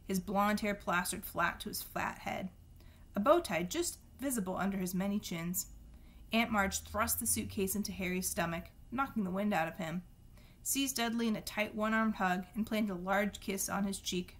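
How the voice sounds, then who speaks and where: A woman reads a novel aloud in a steady storytelling voice. Her pitch sits in the middle, and now and then she trips over a word and starts it again. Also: normal speed. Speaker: reader.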